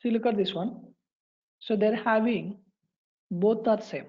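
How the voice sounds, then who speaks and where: A woman walking through a coding tutorial, pausing and repeating phrases as she types. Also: mid-range voice, muffled recording. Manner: halting, repeats phrases while typing. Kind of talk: screen-recorded coding tutorial.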